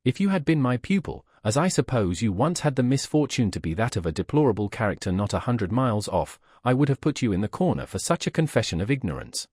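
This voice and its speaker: A man voicing a sneering English gentleman. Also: medium pitch, big pitch swings, quick pace, few pauses, slightly rough, no echo, clean studio sound. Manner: contemptuous, lecturing. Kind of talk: audiobook reading.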